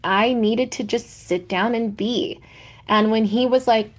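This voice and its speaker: A woman co-hosting a podcast, sharing personal stories in a warm, reflective way. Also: fairly high pitch, fairly even intonation, unhurried. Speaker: podcast co-host. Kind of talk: heartfelt podcast conversation.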